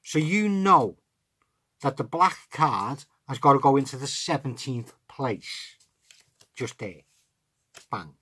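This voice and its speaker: A man's voice: mid-range voice, lively intonation, slow, pauses often, pushed and bright, slightly rough. Chatty man teaching card tricks. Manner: chatty, explains step by step, talks to himself. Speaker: magic tutorial host.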